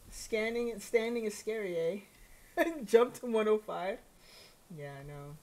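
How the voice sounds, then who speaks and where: A woman in her thirties streams a game and chats casually as she plays. Her speech is slow and unhurried, mid-pitched, giggly, and full of talking to herself. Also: expressive, darkish tone. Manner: chatty, giggly, self-talking. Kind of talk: casual gameplay commentary.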